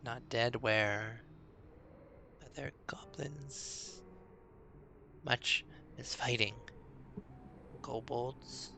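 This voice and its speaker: A man voicing a small, scraggly, nervous goblin who speaks in halting, broken phrases in a hushed, shaky voice. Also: medium pitch, fairly even intonation, gravelly, a little hiss or hum, exaggerated voice. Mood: frightened. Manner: halting broken speech, stammering short phrases.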